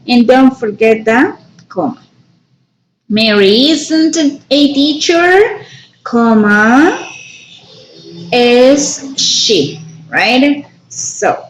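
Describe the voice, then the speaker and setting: A woman teaching an English grammar lesson, explaining slowly and checking in with "right?" after each point. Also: on the high side. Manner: slow, explanatory, frequent tag "right?". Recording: echoey room.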